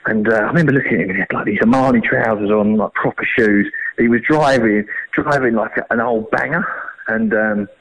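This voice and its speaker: A man's voice: fairly low pitch, a little fast, a bit bright, rough recording. A man, telling a long fishing story in a chatty, rambling, slangy way. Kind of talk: casual storytelling.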